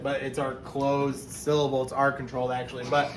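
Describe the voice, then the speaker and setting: A man's voice: mid-range voice, flat delivery, a little fast. A male teacher giving a phonics lesson to young children, patiently sounding out words step by step. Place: classroom. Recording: echoey room with faint noise.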